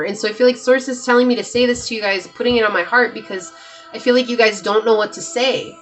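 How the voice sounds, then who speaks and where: A woman's voice: a little high, fairly even intonation, fast talker, a bit bright, soft background music. A woman giving a pick-a-card tarot reading, talking straight to her viewers with lots of emphatic repetition. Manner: emphatic, repeats herself, talks straight to viewers. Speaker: tarot reader.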